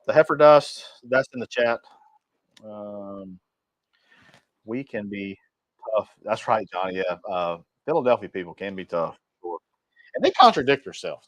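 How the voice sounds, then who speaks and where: Man, cooking stream host, low voice, rambling friendly chat, reads comments aloud, dry slightly dull audio. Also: expressive, unhurried, long pauses, no echo. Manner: reads viewer comments aloud and answers them; rambling and friendly, with frequent restarts. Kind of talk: casual livestream chat.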